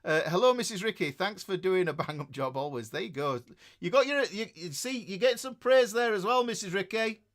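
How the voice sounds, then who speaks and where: A high, fairly bright, expressive male voice moves briskly as its northern English owner hosts a guitar stream. He rambles through viewer comments in casual chat, with lots of fillers and restarted sentences.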